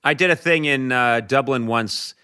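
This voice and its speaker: A man appearing as a podcast guest, telling stories in casual chat and swooping his voice up high for comic emphasis. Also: normal speed, pushed and bright, smooth.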